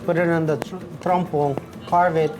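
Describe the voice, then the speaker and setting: A man, a chef, explaining his dishes in a relaxed, matter-of-fact way. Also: fairly high pitch, moderate pace. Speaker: chef and restaurant owner.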